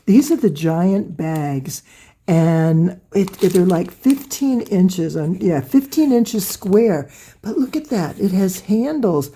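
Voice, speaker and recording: A woman hosting a quilting vlog, gushing with excited exclamations as she shows items to the camera in her home sewing room. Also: medium pitch, slightly rough. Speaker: quilting channel host. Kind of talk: casual show-and-tell vlog. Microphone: camera close by on a table.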